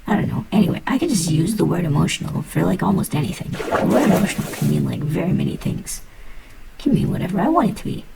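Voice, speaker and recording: A woman's voice: fairly low pitch, big pitch swings, fast talker, vocal fry, loud music behind the voice, low-quality recording. A woman casually talking through her gameplay, playful and muttering to herself, swearing now and then. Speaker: gamer.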